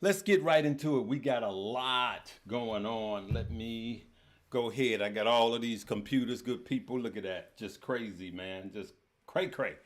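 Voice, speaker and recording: Energetic man hosting a market livestream. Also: medium pitch, measured pace. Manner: energetic, repetitive, addresses viewers as "good people". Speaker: stock market livestream host. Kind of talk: casual livestream market commentary.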